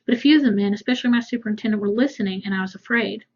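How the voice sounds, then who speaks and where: A woman's voice: mid-range voice, very fast, a little mellow, muffled recording. A woman teacher reading a novel aloud to a class, breaking off for casual explanations. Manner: casual asides between readings.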